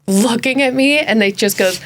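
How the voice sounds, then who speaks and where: A woman co-hosting a podcast, telling an animated story in casual chat and laughing as she talks. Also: fairly high pitch, normal speed. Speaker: podcast co-host.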